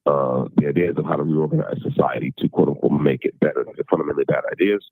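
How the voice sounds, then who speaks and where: Guest: man, very low husky voice, stop-start delivery, thin phone-line sound. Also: no room sound. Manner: halting, many repeated words and restarts. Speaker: interview guest. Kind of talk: casual conversational explanation. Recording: tinny phone-like remote call audio.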